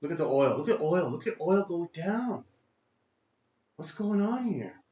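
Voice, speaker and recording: A man's voice: on the high side, very animated, a little slow, mellow. Frustrated man talking to himself, echoey. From Texas. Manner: talks to himself, frustrated, exclaims at the market. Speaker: day trader streaming live. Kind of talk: live trading commentary.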